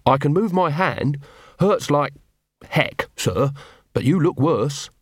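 A man's voice: fairly high pitch, expressive, slow pace, slightly rough, no room sound, studio quality, exaggerated voice. A man voicing an earnest, polite young male watchman.

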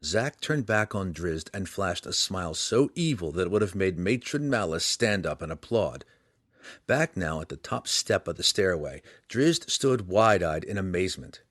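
A man with a lowish voice reads a fantasy novel aloud, his pitch rising and falling in a lively, dramatic way. The delivery is scripted and expressive. The recording is dry and close, with no room sound. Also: normal speed, no room sound. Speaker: audiobook narrator.

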